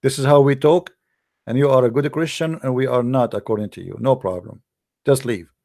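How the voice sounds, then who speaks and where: A man's voice: medium pitch, brisk, gravelly, mellow. A man lecturing combatively in a livestream, mocking and scolding his opponents in non-native English. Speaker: religious debater.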